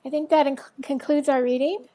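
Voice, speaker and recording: A woman hosting an online literary reading, thanking everyone in a casual, halting way full of fillers. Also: high voice, steady tone, low-quality recording. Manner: warm, halting, many fillers. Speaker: event host. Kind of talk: casual closing remarks.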